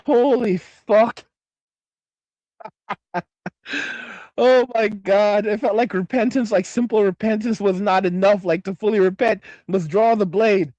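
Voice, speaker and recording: Hosting a casual ranting livestream, a man in his forties talks bluntly and profanely, rambling and frequently restarting. His high, slightly mellow voice has fairly even intonation and an unhurried pace with long pauses. The recording is dry and sounds dull.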